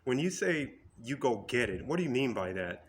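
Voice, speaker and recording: A man's voice: mid-range voice, sing-song, moderate pace, a little hiss or hum, close to an everyday voice. A man voicing a nervous, pampered male zoo lion who talks in a panicky, stammering way. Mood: panicked.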